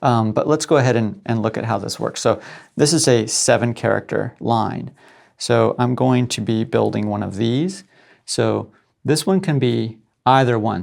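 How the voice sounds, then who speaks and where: A middle-aged man lectures as a professor, with a gravelly, creaky edge to his voice. He explains step by step at a medium pitch and keeps checking in with his listeners. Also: a little mellow.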